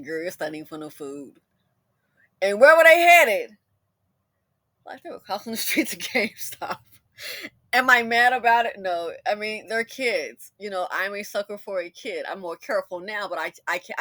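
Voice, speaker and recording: A middle-aged woman tells her own stories in a loose, chatty commentary, laughing freely along the way. Her voice is bright and forward, and her pitch swings widely from phrase to phrase. The recording is close and dry, with no room sound around her. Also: dry recording. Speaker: commentator host. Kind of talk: casual storytelling commentary.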